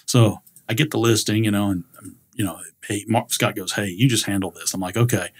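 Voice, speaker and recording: A man's voice: on the low side, steady tone, brisk, husky. A middle-aged man telling stories in a casual interview, rambling with many fillers and acting out quoted dialogue. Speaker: guest, industrial leasing director.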